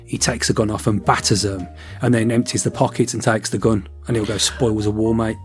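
A man co-hosting a podcast, chatting casually and rambling, with quick switches as he acts out lines from a story. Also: on the low side, fairly even intonation, soft background music. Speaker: podcast co-host. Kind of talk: casual chat.

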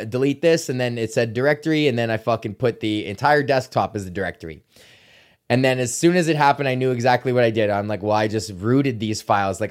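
A Canadian man hosts his own podcast, delivering a casual, rambling monologue in a clean, mid-range voice. He swears often and keeps restarting his sentences.

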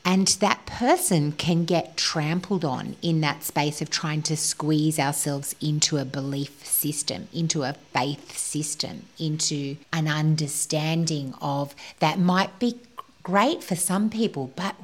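A woman's voice: low-pitched, takes it slowly. A woman co-hosting a spiritual podcast, talking in an earnest, flowing way and sometimes dropping to a whisper. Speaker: podcast co-host.

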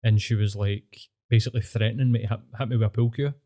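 A man's voice: fairly low pitch, fairly even intonation, quick pace, mellow. Sweary Scottish man telling stories. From Scotland. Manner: blunt, sweary storytelling. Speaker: podcast host. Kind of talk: casual chat.

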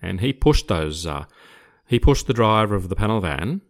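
A man's voice: on the low side, expressive, moderate pace. An older man from Australia, a retired police officer, telling a story in casual conversation, hesitant with repeated words but growing vivid. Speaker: retired police officer recounting his career.

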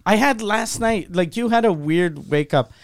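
A man's voice: high-pitched, moderate pace. A man hosting a podcast, telling a long dream story in casual chat, rambling and swearing freely. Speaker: podcast host.

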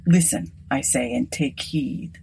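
A woman voicing an old male prophet who delivers solemn warnings slowly and gravely. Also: extremely low pitch, dark tone, voice pushed down, heavily acted.

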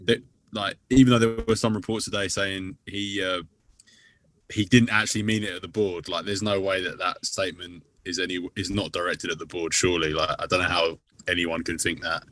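A man's voice: deep voice, level tone, a little fast, a bit bright, dry recording. A man co-hosting a casual football podcast, hesitant and trailing off. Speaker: podcast co-host. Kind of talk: casual chat.

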